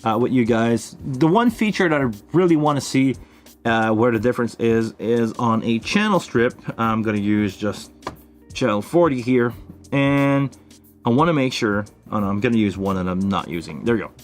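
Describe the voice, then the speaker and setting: A man's voice: mid-range voice, moderate pace, soft background music. A man hosting a casual live stream Q&A, demonstrating a mixing desk while thinking aloud with frequent fillers and restarts. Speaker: live stream host answering viewer questions.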